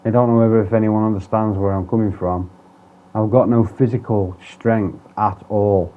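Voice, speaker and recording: Speaking at normal speed in a steady, low-leaning tone, a vlogger rambles candidly through a personal video, cursing frequently and starting sentences over. The recording sounds dull and lo-fi.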